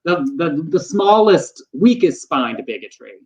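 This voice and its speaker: A man co-hosting a casual news talk show, animated, with playful asides and quotes. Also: fairly high pitch, measured pace, poor audio. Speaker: podcast co-host.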